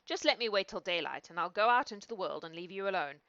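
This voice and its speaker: A woman voicing a simple, fearless young man who speaks bluntly and sometimes shouts. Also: medium pitch, expressive, quick pace, dry recording, muffled recording. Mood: plainspoken. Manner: blunt, matter-of-fact, raised and shouting at times.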